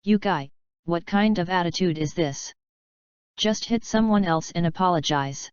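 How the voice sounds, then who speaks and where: A woman's voice: lowish voice, measured pace, clean tone, no room sound, muffled recording, close to an everyday voice. A woman reading as a smug bullying pirate thug. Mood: mocking. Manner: mocking, smug.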